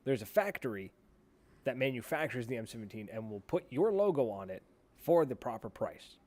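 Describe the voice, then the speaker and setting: A man's voice: mid-range voice, lively intonation, moderate pace, a little mellow. Blunt rambling male podcast host. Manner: rambling, blunt, swears freely. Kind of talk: casual chat.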